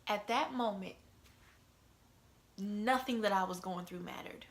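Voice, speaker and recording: In a conversational vlog, a middle-aged woman shares an emotional personal story in an unhurried, mid-range voice. She keeps checking in with her listeners using "you know" and "right?".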